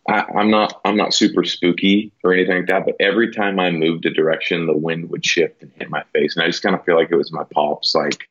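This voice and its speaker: Very deep husky man telling stories. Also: flat delivery, quick pace, few pauses, a bit bright. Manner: rambling, full of "you know" and "like". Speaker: podcast guest, elk hunter. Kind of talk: casual storytelling. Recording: dull lo-fi sound.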